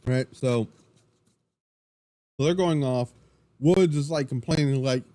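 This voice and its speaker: A man hosting a wrestling podcast, recapping the show in an excitable, rambling way, full of restarts and swearing. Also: mid-range voice, unhurried, long pauses, no room sound. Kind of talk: casual solo recap.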